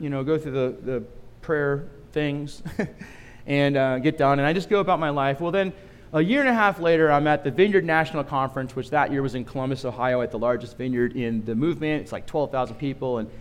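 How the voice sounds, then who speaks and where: A man preaching a sermon, telling a story in a lively, conversational way with asides to the congregation. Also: a little high, brisk, smooth, long reverb tail. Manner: animated storytelling with asides to the room. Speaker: pastor.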